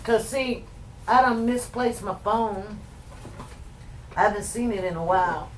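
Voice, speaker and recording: A woman's voice: mid-range voice, unhurried, slight background noise. A middle-aged woman hosting a casual live stream, chatting loosely, greeting viewers by name and repeating words for emphasis. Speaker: livestream host.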